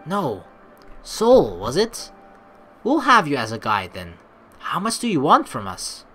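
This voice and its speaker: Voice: mid-range voice, wildly swooping pitch, a little slow, fairly bright tone, a little hiss or hum. A performer reading a visual novel aloud, voicing a stern, suspicious young woman traveler in a dry, skeptical, blunt manner. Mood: grudging.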